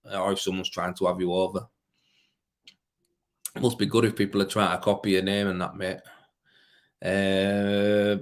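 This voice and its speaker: A plasterer in his thirties hosts a casual livestream, reading viewer questions aloud in a fairly low, tired voice. He answers in easygoing, slang-heavy chat, keeps calling people "mate," and sounds like a worn-out working tradesman.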